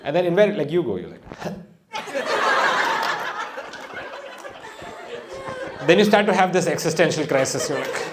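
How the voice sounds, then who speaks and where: A man's voice: a little high, huge pitch swings, slow, long pauses. A male stand-up comedian from India doing a live set, swearing freely and laughing at his own jokes. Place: comedy stage before a live audience. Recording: noisy live venue with audience laughter.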